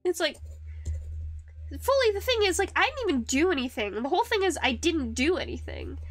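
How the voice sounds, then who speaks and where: A young woman streamer chatting casually while she carves wood, rambling and laughing often, with a high-pitched voice. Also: sing-song, a little fast, dry recording, soft background music. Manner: rambling, with restarts and frequent laughs. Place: home streaming setup.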